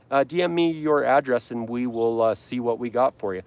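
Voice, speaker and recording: A man's voice: medium pitch, normal speed, a little mellow, clean tone. A man from Utah hosting a casual lawn care livestream, rambling and correcting himself as he reads viewer comments with a joking tone. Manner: rambling, self-correcting, jokey.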